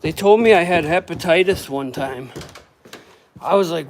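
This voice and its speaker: A man casually talking to camera while building cabinets, rambling and swearing, with loud groans and outbursts. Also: on the high side, normal speed. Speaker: woodworker vlogger. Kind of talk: casual workshop talk to camera.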